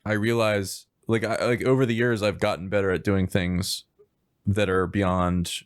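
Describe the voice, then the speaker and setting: A man's voice: on the low side, level tone, moderate pace, clean tone. A man hosting a podcast, giving short agreeing replies in casual chat. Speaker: podcast host.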